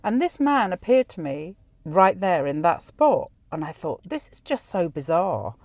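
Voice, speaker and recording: A woman's voice: on the low side, big pitch swings, a little slow, a little mellow, no room sound. A middle-aged woman hosting a podcast, telling a personal story in a chatty way and acting out the dialogue. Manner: chatty, many restarts and quoted dialogue. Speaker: podcast host.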